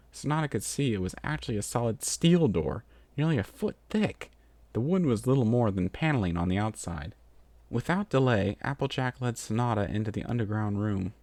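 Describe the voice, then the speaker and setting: A man reading a fan fiction story aloud as narrator, with lively storytelling. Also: mid-range voice, dry recording.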